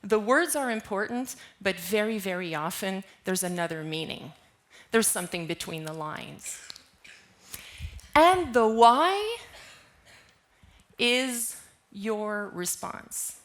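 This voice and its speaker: A woman delivers a keynote at an unhurried, deliberate pace. Her voice sits at a mid pitch, and she keeps turning to the audience with questions. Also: lively intonation, a bit bright. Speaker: keynote speaker. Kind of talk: conference keynote talk.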